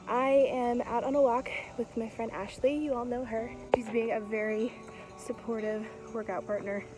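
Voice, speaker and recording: A woman's voice: fairly high pitch, flat delivery, normal speed, music in the background, rough recording. Young woman vlogger, cheerful and chatty, talking into a handheld camera outdoors. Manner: chatty and upbeat, laughs often. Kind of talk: casual vlog chat to camera. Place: outdoors on a walk.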